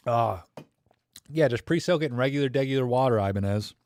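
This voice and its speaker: A man's voice: medium pitch, fairly quick, darkish tone, no room sound, clean studio sound. A man hosting a live camera Q&A, chatting in a rambling, enthusiastic, slangy way. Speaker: livestream host. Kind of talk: casual live Q&A chat.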